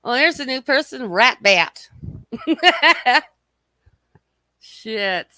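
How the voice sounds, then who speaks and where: A woman's voice: high voice, lively intonation, drawn-out words, pushed and bright, dry recording. Profane, mocking woman livestreamer. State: slightly scratchy throat. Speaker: livestream host. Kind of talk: casual livestream chat reading comments.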